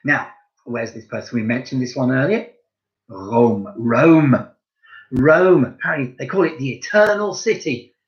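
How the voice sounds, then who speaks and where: Lively man teaching young kids. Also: mid-range voice, a little fast, dull audio. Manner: lively, encouraging, speaks directly to pupils. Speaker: primary school French teacher. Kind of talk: home-learning lesson for young children.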